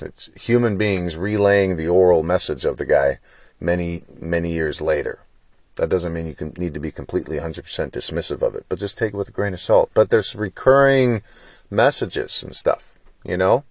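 A man's voice: low voice, no echo, clean studio sound. A man hosting a solo podcast, talking through his frustration in a lecturing stream of rhetorical questions. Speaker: podcast host. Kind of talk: solo opinion monologue.

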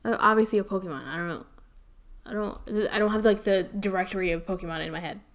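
Woman, co-host, casual banter, medium pitch, blunt and dismissive. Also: fast. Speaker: podcast co-host. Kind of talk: casual wrestling chat.

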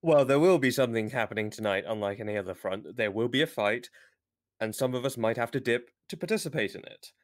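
A man co-hosting a livestream game talk show, speaking in a measured, unhurried way with fillers. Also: mid-range voice, no echo, studio quality. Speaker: co-host.

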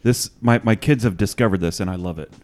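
A man's voice: lowish voice, quick pace, darkish tone, soft background music. A man co-hosting a podcast, talking enthusiastically in casual chat. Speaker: podcast co-host.

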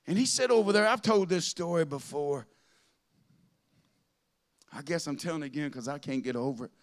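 A man's voice: fairly high pitch, normal speed. A man preaching a sermon, telling folksy stories that rise into fervent preaching.

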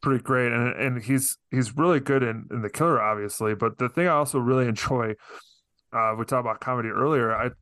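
A man with a smooth, resonant voice talks as a podcast guest in a dry, close-sounding recording. He speaks thoughtfully and hesitantly, working his ideas out as he goes. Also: mid-range voice, fairly bright tone, no echo. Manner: thoughtful, hesitant with many restarts. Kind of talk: casual film discussion.

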